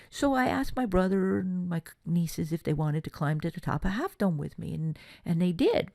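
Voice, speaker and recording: A woman presenter from California leads a motivational workshop, telling stories in a chatty, lively way. Her voice carries a gravelly fry at the ends of phrases. The sound is dry and close, with no room echo. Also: medium pitch, fairly quick, few pauses. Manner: chatty storytelling, lively asides.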